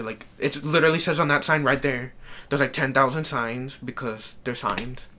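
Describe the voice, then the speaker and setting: Exasperated young guy ranting, bright voice. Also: mid-range voice, a little fast. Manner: rambling, exasperated, constant "like" fillers. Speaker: vlogger. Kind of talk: casual storytime rant.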